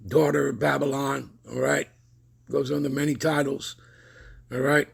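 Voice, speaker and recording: Gravelly man preaching, constant "all right?". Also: mid-range voice, level tone, moderate pace. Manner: keeps checking in with listeners with repeated tag questions; reads scripture aloud with rising emphasis. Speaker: online preacher and commentator. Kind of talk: preaching over news commentary.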